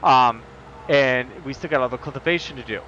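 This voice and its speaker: A man's voice: medium pitch, a little fast, bright, forceful tone, dull audio, a little hiss or hum. A man streaming a farming game, chatting casually in a rambling, jokey way with lots of fillers. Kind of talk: casual gameplay chat.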